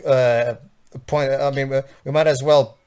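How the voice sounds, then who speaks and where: A man's voice: medium pitch, steady tone, unhurried, darkish tone, smooth. A man co-hosting a casual movie commentary, rambling along with lots of stammered restarts. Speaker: podcast co-host.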